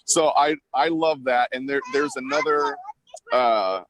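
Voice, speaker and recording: A man's voice: medium pitch, a bit bright, slight background noise, poor audio. A man hosting an online chat, reading out viewer questions. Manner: brisk, reads questions aloud. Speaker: host.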